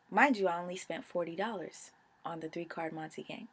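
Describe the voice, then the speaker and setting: A young woman with a fairly low voice tells a personal story to her viewers. She speaks casually and with animated, emotional energy. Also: moderate pace, breathy edge. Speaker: vlogger.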